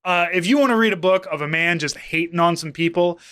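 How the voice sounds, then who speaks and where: A man in his thirties from St. Louis talks loosely on a podcast, swearing often and circling back on his own sentences. His voice is bright and smooth, sitting a little high for a man. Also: fairly quick. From St. Louis, Missouri. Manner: rambling, profane, self-interrupting. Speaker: podcast co-host. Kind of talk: casual chat.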